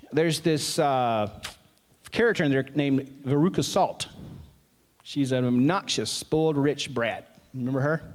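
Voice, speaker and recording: Conversational man preaching a sermon. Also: a little high. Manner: conversational, asides and self-corrections; reads scripture aloud with rising emphasis.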